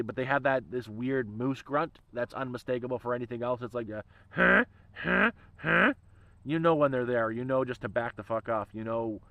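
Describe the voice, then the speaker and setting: A man's voice: medium pitch, a bit bright, dry recording, rough recording. A man rambling in a casual livestream chat, swearing freely and laughing often. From Canada. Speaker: channel host.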